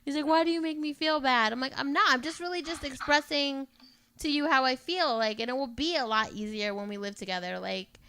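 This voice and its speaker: Chatty young woman with a higher voice. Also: brisk, clear, resonant tone. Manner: chatty, animated storytelling with many "like"s. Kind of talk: casual chat.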